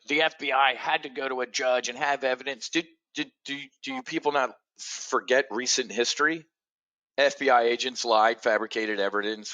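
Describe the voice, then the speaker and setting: A middle-aged man from the United States hosting a trading show, ranting sarcastically with profanity, swinging from loud outbursts to low mutters. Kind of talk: ranting market commentary.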